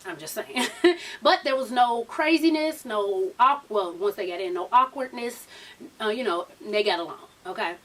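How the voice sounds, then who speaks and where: A high-voiced woman gossips through a reality show recap, her pitch leaping all over as she acts out each cast member. She sounds a little distant from the microphone, like she's sitting back from a home setup. Her talk is loose, profane and full of sass. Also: animated, moderate pace, a bit bright. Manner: sassy, profane, laughing, acts out the cast's lines. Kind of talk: casual recap chat.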